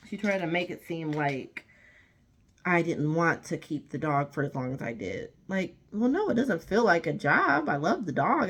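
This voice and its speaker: A woman vlogger telling a storytime rant to camera, emphatic and indignant, often repeating herself. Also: low voice.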